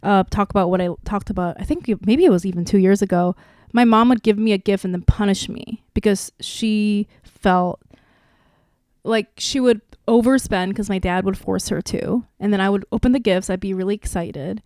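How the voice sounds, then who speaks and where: A woman in her thirties hosting a podcast, telling a personal story candidly, with lively restarts. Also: medium pitch, moderate pace, no room sound, clean studio sound. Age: 30s. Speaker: podcast host. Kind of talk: casual podcast chat.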